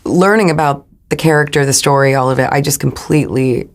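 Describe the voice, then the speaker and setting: Actress guest, low voice, loose chatty laughter. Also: female voice. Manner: laughs often, halting restarts. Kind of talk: casual interview chat.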